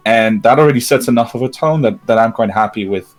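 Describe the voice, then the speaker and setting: A man's voice: medium pitch, quick pace, soft background music. A man who runs tabletop games, sharing advice in a thoughtful, hesitant way with fillers. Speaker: game master. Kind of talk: casual roundtable chat.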